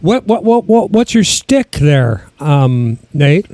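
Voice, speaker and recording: Rambly cohost guy, highish voice, dry sound. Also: sing-song, takes it slowly, warm tone, no room sound. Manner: rambling, restarts, chuckles. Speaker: co-host. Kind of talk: casual chat.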